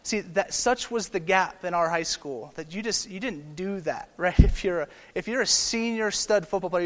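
A man in his thirties, a pastor giving a sermon in a casual, animated way, often checking in with "okay?" and "right?". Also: high voice, big-room sound. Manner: conversational, animated, tag questions like "okay?" and "right?".

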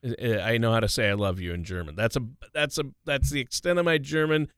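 Male co-host, smooth voice, easygoing storyteller, dry mic. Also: medium pitch, fairly quick, fairly bright tone, no echo. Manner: easygoing, chatty, trailing storyteller. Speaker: podcast co-host. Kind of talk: casual chat.

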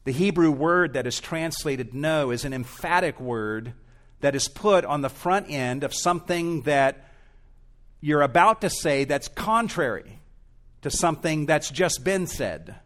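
A man's voice: a little high, expressive, a little slow, fairly bright tone. A male pastor preaching an expository sermon in a church, earnest and emphatic, rising and falling in intensity.

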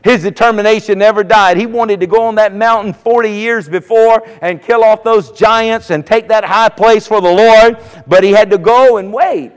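A man preaching an impassioned sermon that swells into shouted cries, in a church. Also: sits high, normal speed, hardly any pauses, clear, resonant tone. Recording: long hall reverb.

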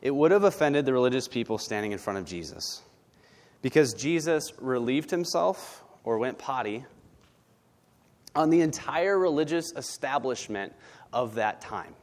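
A man's voice: mid-range voice, lively intonation, moderate pace, a little mellow. A male pastor preaching a sermon in a blunt, conversational way, often asking "right?". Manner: blunt, conversational, tag questions.

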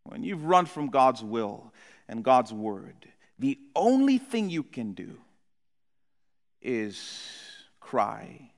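A male pastor preaching a sermon, moving between hushed, low passages and loud, impassioned ones. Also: wildly swooping pitch, slow, creaky, big-room sound.

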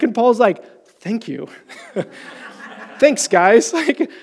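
A man preaching a sermon, animated and storytelling, acting out quotes in sudden higher voices and slowing down gently to pray. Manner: slows down and softens in prayer.

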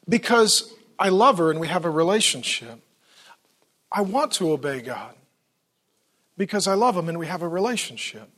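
A man's voice: high-pitched, fairly bright tone. A man preaching a sermon as pastor in a church, telling stories with playful acted-out quotes.

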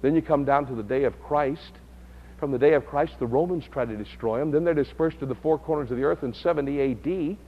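Man, bible study teacher, builds to loud high emphasis, dull lo-fi sound. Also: fairly quick.

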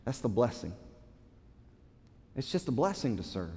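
A man's voice: mid-range voice, big pitch swings, moderate pace, warm tone, long reverb tail. A man preaching a sermon as pastor, passionate, stressing key words and often repeating himself. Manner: impassioned preaching with swells of emphasis and repeated words.

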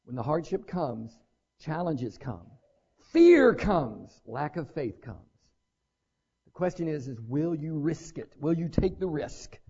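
A man preaching a sermon as pastor, animated and conversational, with asides to his congregation. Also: a little high, takes it slowly, gravelly, husky, muffled recording.

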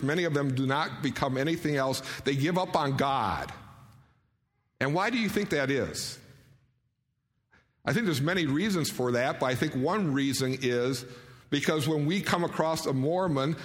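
Earnest male preacher in a reverberant hall. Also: fairly high pitch. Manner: earnest, asks the audience questions. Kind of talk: sermon.

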